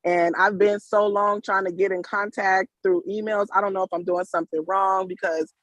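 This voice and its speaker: A woman's voice: medium pitch, little pitch movement, moderate pace, a bit bright, dry recording. A woman, calling in on a video call from work, giving an emotional, rambling thank-you. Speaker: caller. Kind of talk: casual testimony on a video call.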